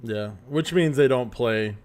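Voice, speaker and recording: A man's voice: medium pitch, unhurried, darkish tone. A man hosting a casual chat, playful, with a morning voice, now and then slipping into silly singing or an announcer voice. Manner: playful, breaks into silly sung lines and announcer voice. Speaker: host.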